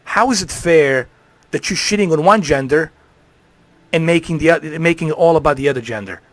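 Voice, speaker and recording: A man's voice: on the high side, fairly quick, no room sound. Profane ranting male streamer, dry sound. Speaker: live streamer. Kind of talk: ranting live stream monologue.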